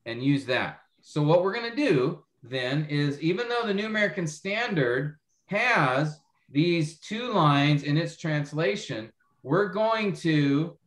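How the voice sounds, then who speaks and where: A man's voice: fairly high pitch, fairly bright tone, echoey room. A man teaching a Bible class over a video call, explaining step by step and often checking that students follow. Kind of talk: online class lecture.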